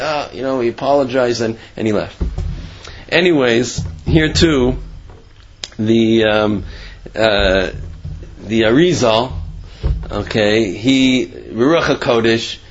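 A man tells a religious tale in a casual, rambling way and keeps circling back with "you know." His pitch sits in the middle. The recording is dull, with a faint hiss behind him. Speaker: storyteller.

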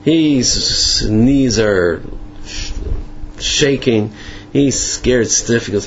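A man spins an old folk tale in a relaxed, conversational way, stopping and restarting as he goes. His voice sits at a middle pitch. The recording is muffled and lo-fi, with faint ambience behind it. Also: a little hiss or hum. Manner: halting, repeats words, many restarts. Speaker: storyteller. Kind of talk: oral folk tale told casually.

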